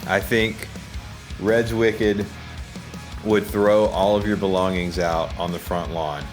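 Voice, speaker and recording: Man, low voice, joking casual drink review, rambling with fillers, faint music behind. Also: little pitch movement, slow pace. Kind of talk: casual taste-test commentary.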